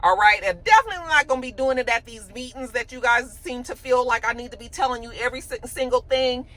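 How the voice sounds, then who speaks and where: A woman acting out a fed-up lawyer, high and indignant. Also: fast talker, sharp tone. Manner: indignant, emphatic. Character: fed-up woman lawyer standing her ground.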